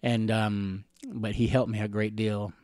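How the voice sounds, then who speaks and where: A middle-aged man from the Catawba Nation telling personal stories in an interview, rambling gently with chuckles and fillers. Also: lowish voice, little pitch movement, unhurried, no room sound, studio quality. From Catawba Nation, Carolinas, USA.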